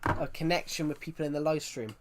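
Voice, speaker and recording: A man's voice: fairly high pitch, brisk, background noise. A man who grew up in the United Kingdom chatting casually on a live stream, rambling and laughing with frequent restarts.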